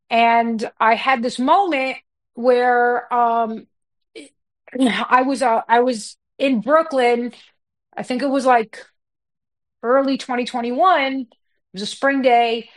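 A woman comedian telling a story in blunt, candid conversation, her talk full of fillers. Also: a little high. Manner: blunt and fast-flowing, with many fillers.

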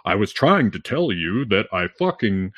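A man's voice: fairly low pitch, sing-song, a little slow, no room sound. Man doing an exasperated arguing man. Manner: exasperated, swearing.

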